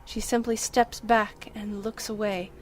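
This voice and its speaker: A woman's voice: medium pitch, flat delivery, measured pace, a little hiss or hum. A woman reading the first-person narration of a story game aloud, dramatic and tense, with the odd slip. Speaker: let's-play reader.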